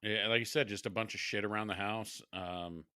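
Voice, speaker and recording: A man's voice: on the low side, steady tone, fairly quick, pushed and bright, smooth, no echo, clean studio sound. A middle-aged man and father co-hosting a casual podcast, laughing often and swearing freely. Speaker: podcast co-host. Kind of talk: casual chat.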